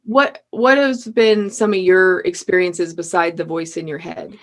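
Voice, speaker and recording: A woman's voice: on the low side, steady tone, measured pace. Chatty woman who keeps saying "like". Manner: chatty, leans on "like" a lot. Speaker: podcast guest. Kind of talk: casual chat.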